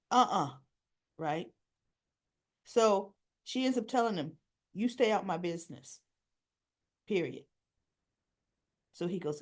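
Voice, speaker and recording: A woman talks through the latest soap episode at an easy, unhurried pace. Her voice sits a little high, and she slips into the characters' lines with lively swings in tone. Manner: animated storyteller, acts out quoted dialogue. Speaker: soap opera recap host. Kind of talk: casual retelling of scenes.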